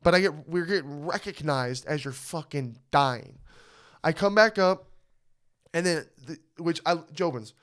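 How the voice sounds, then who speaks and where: A man co-hosting a podcast, telling a story in casual chat. He sounds animated and swears freely. His voice is smooth and clear, pitched a little high for a man. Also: measured pace. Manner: animated, swearing, frequent "you know what I mean". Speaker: podcast co-host.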